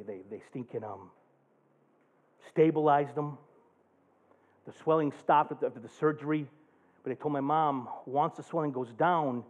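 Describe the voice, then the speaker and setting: A male pastor preaching a sermon, moving from a quiet, subdued personal story to loud, passionate preaching. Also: mid-range voice. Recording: tinny phone-like sound.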